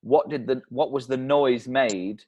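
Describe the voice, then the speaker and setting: A man's voice: mid-range voice, measured pace, darkish tone, breathy edge, dull audio. A man co-hosting a comedy podcast, teasing and laughing often in casual chat. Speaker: podcast co-host.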